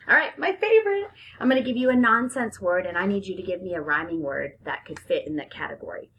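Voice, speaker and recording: A woman teaching young children a phonics lesson, talking in a sing-song, drawn-out teacher manner and giving lots of praise. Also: on the low side, husky.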